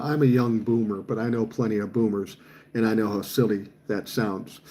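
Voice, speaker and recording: A man in his sixties with a dark, mellow voice talks through viewer comments on his livestream. He is blunt and profane, and his opinions come out fired up. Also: medium pitch. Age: 60s. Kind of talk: casual chat.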